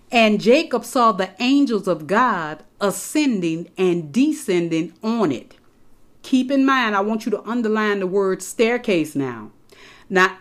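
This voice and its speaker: A woman preaches an emphatic sermon to her congregation. She repeats the key phrases and calls on her listeners directly. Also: mid-range voice. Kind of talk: sermon, Bible teaching.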